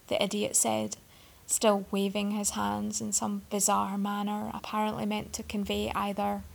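A woman's voice: medium pitch, level tone, moderate pace, vocal fry. A woman narrating a story aloud with a wry, sardonic delivery. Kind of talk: storybook reading.

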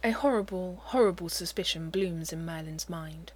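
A woman narrating a story aloud, expressive, with occasional hushed asides. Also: on the low side, fairly quick, few pauses. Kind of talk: audiobook reading of fiction.

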